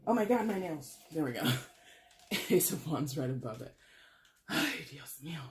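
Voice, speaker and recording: A tarot reader talking through a casual reading in a blunt, emphatic way. The voice jumps up high to stress a point, and the speaker laughs often and swears casually. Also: normal speed. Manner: animated, leaps in pitch for emphasis.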